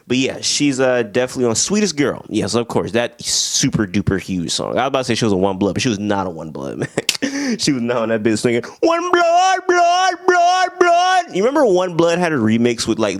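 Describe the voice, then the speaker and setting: A young man talks through his favorite records with loose, slangy excitement, laughing and singing snippets as he goes. His voice sits a little low, and the recording is dry and close. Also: dry recording. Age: young adult. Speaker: music reviewer, channel host. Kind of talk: casual album review.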